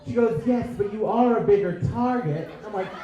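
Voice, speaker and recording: A man's voice: high-pitched, moderate pace, highs cut off, noisy background. A man doing a crude, self-deprecating stand-up set on a club stage into a handheld mic, riffing with the crowd. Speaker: stand-up comedian. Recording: echoey club with audience. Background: audience laughter.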